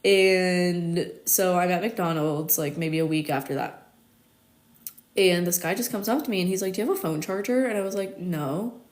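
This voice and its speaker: A thirty-year-old American woman with a lowish voice talks at a moderate pace on a live stream from her home in Paris. An astrologer by trade, she tells stories casually, saying "like" constantly and laughing often.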